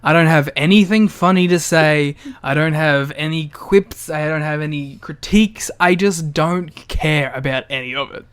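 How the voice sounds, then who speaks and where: A man's voice: a little high, normal speed, hardly any pauses, fairly bright tone, clear, resonant tone. A man co-hosting a podcast, chatting casually in a jokey way and laughing often. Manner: jokey, laughs often, does silly voices. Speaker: podcast co-host. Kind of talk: casual chat.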